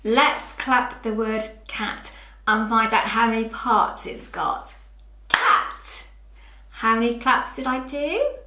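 Woman teacher talking super slow to little kids, kinda high voice, stretches the words, echoey room. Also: bright, forceful tone. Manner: slow, clear and exaggerated, stretching rhyming words. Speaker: preschool teacher. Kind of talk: slow sing-song lesson for young children.

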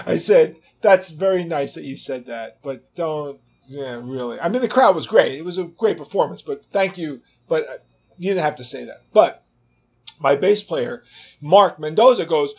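A man in his sixties with a voice pitched a little above the usual male range. He tells stories from the road in a lively, casual way, swearing freely and acting out the people he quotes. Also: moderate pace, husky. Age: 60s. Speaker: interview guest, rock guitarist. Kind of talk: casual anecdote telling.

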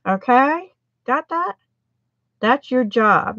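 A woman's voice: mid-range voice, measured pace, a bit bright, no echo, highs cut off. A middle-aged American woman demonstrating card making on a livestream, chatting with viewers and laughing at her own mistakes. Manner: chatty, self-deprecating, laughs often.

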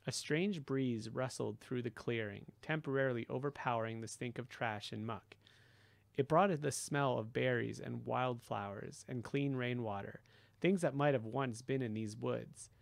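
A man reading a novel aloud as first-person narration, in a steady, low-key storytelling manner. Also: moderate pace, creaky, no room sound. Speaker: audiobook reader.

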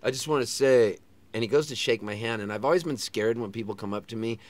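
A man's voice: medium pitch, fast talker. A middle-aged man, a touring singer-songwriter, telling stories in a casual interview and acting out other people's voices as he goes. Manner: animated storyteller who sings and acts out other people's lines. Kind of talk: casual storytelling chat.

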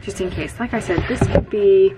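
A woman's voice: medium pitch, moderate pace, background noise. A woman vlogger whispering and rambling in a small closet, filming herself on a camera close by. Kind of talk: hushed personal vlog. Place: small closet in her bathroom.

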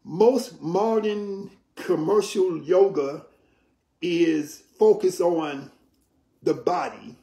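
A man explains yoga practice to an interviewer in a measured, teacherly way. He often pauses to check in with "right?". His voice sits a little high and rings in a roomy space. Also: creaky, mellow. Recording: roomy echo.

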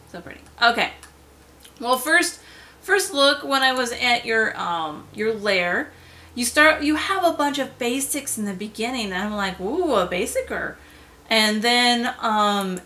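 A woman reviews in an easy, chatty vlog voice, pitched a little high and sounding bright and crisp. She gushes with fillers and self-corrections, and often trails off into soft whispered asides. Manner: gushing, drifts into soft whispers. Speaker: game lair reviewer. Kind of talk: casual solo review vlog.

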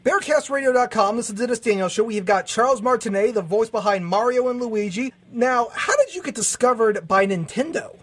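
A man in his twenties, a radio host, reading out introductions and questions briskly in an interview. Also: extremely high pitch, lively intonation, fairly bright tone, husky. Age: 20s.

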